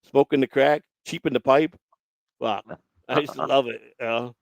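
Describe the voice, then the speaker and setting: A man's voice: mid-range voice, fairly even intonation, moderate pace, no echo. A man hosting a casual chat, rambling and swearing, with lots of restarts. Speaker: show host.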